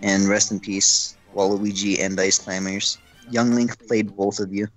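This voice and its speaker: A man's voice: fairly low pitch, flat delivery, unhurried, low-quality recording. Young man joking casually, faint music behind. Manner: joking, wry commentary. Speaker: gamer chatting with a friend. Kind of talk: casual chat.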